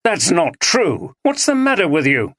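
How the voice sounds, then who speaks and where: A narrator voicing a blunt, defensive young man who speaks slowly. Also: medium pitch, huge pitch swings, fairly bright tone, no room sound, clean studio sound, pitched above the performer's own voice, full character voice.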